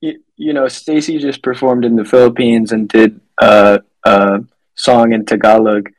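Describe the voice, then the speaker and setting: A man's voice: medium pitch, level tone, a little slow, rough recording. A man co-hosting a podcast, chatting casually in a laid-back, rambling way. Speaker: podcast co-host. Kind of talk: casual chat.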